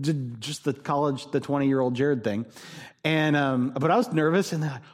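A man's voice: fairly high pitch, moderate pace. A man preaching a sermon as a pastor, conversational and emphatic, repeating his key points.

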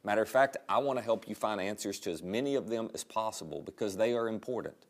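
A man's voice: lowish voice, quick pace. A male pastor preaching a sermon in a conversational, storytelling way.

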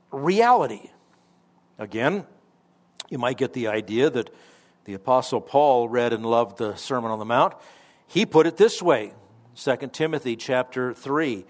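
Man, pastor, radio sermon, conversational teaching, middle pitch, stresses key words.

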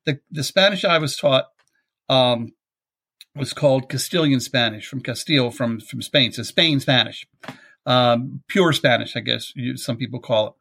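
A man's voice: mid-range voice, normal speed, vocal fry, sharp tone, slightly rough. A middle-aged man with a Baltimore accent hosts a podcast in a chatty, rambling way, amused by his own stories. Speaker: podcast host. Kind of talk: casual chat.

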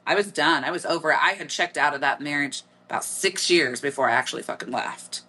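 A woman's voice: low-pitched, a little fast, sharp tone, slightly rough. A middle-aged woman with a Midwestern accent, hosting a podcast in a candid, casual monologue full of blunt swearing. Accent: Midwestern American. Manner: blunt, frequent swearing, laughs easily. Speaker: podcast host.

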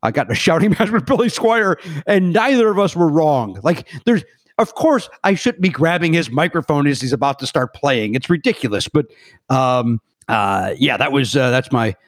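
On a remote podcast mic with a dry sound, a middle-aged male guest chats and tells meandering stories, tripping over words and fixing them as he goes. He animatedly performs the quotes, speaking at a moderate pace in a voice on the high side.

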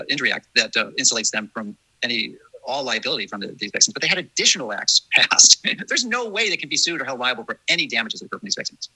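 A man's voice: medium pitch, bright, forceful tone, slightly rough, no echo, poor audio. A man hosting a casual discussion, talking earnestly and emphatically, often restarting his sentences.

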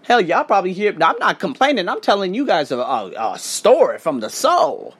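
American guy venting on his podcast, lots of cussing and slang, slightly high voice, real lively. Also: moderate pace, slightly rough. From United States. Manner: animated, profane, street slang. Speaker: podcast host; teacher working abroad. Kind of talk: casual monologue rant.

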